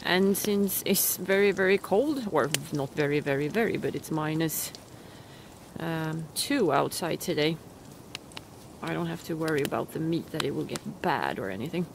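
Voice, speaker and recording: Deep, expressive, and gravelly, this woman's voice moves at normal speed against slight background noise. She's an outdoor vlogger from Sweden, speaking with a Swedish accent and full of exclamations as she cooks over a fire in winter and chats casually with viewers.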